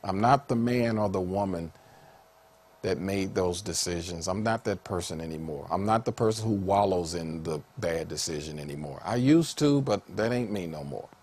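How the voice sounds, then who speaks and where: A man a sermon in an animated way, laughing often and rising to high excited calls. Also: moderate pace. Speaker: preacher.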